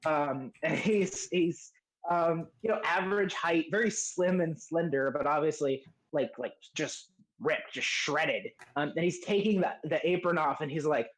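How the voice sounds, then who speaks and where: A man running a tabletop game, describing the scene in a halting way with frequent restarts. His voice sits a little higher than most men's. The delivery is loose and conversational. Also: poor audio. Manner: hesitant, many fillers and restarts. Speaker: game master.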